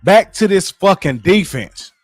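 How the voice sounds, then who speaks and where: A man rants to his live chat about football, profane and animated, and he keeps repeating his points. His voice sits a little high and is heard dry and close to the mic. Faint music plays under him. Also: unhurried, no room sound. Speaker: sports commentary streamer. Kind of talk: casual sports rant to live chat.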